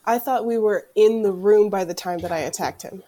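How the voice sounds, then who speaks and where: Casting note: female player, mellow, mid-pitched, casual and matter-of-fact. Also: fairly quick. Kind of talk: casual tabletop play.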